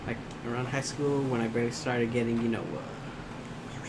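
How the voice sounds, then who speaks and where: A man in a casual chat with friends, speaking hesitantly with many pauses. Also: mid-range voice, fairly even intonation, vocal fry, very noisy. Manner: hesitant, slow, halting.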